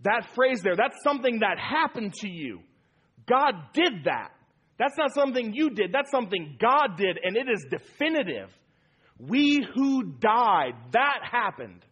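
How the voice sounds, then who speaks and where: A man's voice: high-pitched, very animated, normal speed, fairly bright tone, slightly rough. A man preaching a sermon as pastor, emphatic and repeating key phrases for weight.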